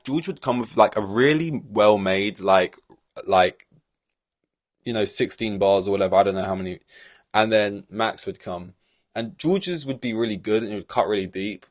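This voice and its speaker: A man hosting a solo podcast, talking in a rambling, animated way full of fillers and restarts. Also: on the low side. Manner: rambling and animated, many fillers and restarts, laughs between points. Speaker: podcast host. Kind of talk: solo casual podcast commentary.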